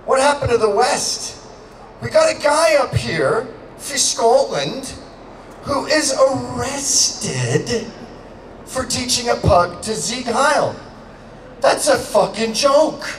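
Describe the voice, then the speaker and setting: A man from Canada giving a crude, joking outdoor rally speech, shouting to a crowd. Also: very high-pitched, big pitch swings, slow pace. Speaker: public speaker. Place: outdoor public gathering. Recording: echoey and distant, faint background noise.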